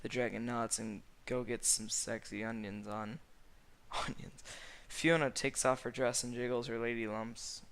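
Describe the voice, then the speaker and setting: A man reads comic fan fiction aloud in a deadpan manner, stumbling now and then. He speaks at an unhurried, slow pace, in a middle-pitched voice. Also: vocal fry, clear, resonant tone. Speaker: narrator.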